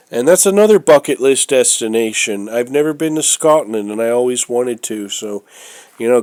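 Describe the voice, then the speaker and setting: An American vlogger, stuffed up from a cold, shows off his things in a casual show-and-tell video. His voice is medium-pitched and a little mellow, and his talk rambles, hesitates and carries strong opinions, with plenty of fillers.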